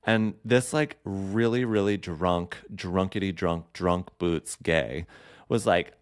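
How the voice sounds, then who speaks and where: A man talks casually and campily as a podcast host, rambling through asides and fillers. His voice sits low and comes across smooth and resonant. The sound is dry and close, with no room around it. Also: slow pace, no echo. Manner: chatty, campy, lots of fillers and asides. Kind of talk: casual solo chat.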